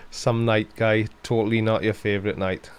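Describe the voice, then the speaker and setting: On a live stream, a Welsh man with a fairly low voice casually fields viewers' questions one after another. His wit is dry and sarcastic, he laughs often, and his tone is clean.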